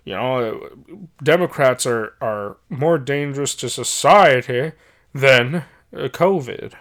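A gullible conspiracy-minded man with a put-on Southern drawl, as a man mocks him in a podcast chat. He sounds loud and a bit remote from the mic. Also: medium pitch, slow. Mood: mocking. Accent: American Southern (put on).

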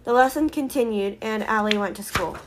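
A woman's voice: on the high side, fairly quick, background noise. A woman casually narrating a homemade story, recapping it informally.

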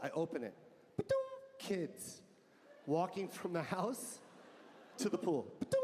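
A middle-aged man doing stand-up comedy on an arena stage, telling an animated story, acting out family members and sound effects, swearing often and shouting punchlines. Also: sits high, measured pace, long pauses. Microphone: handheld stage mic. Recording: live arena show with crowd noise.

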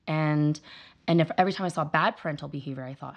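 A woman with a low voice and a gravelly edge speaks as a guest in a casual interview. She is a young mother who tells stories with energy, acting out her children's lines as she goes. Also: fast. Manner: animated storyteller, acts out her kids' voices.

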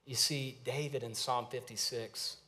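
A man in his thirties preaching a sermon in a conversational, storytelling way with lively asides. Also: mid-range voice, measured pace. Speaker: pastor.

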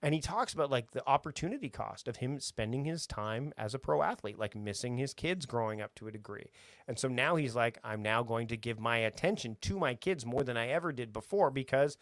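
A man talking as a podcast guest, energetic and rambling, often restarting his sentences. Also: medium pitch, brisk, no echo. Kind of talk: casual conversation.

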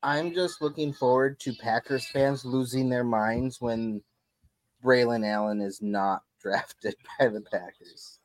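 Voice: medium pitch, slow, dry recording, low-quality recording. Co-host with dry, wry asides. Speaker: podcast co-host. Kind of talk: casual sports chat.

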